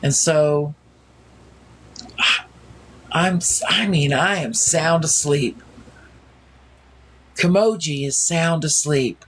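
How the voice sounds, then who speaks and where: A woman's voice: low voice, slightly rough. A woman telling a story in a casual, wondering way, often restarting her sentences. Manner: slow, wondering, full of restarts.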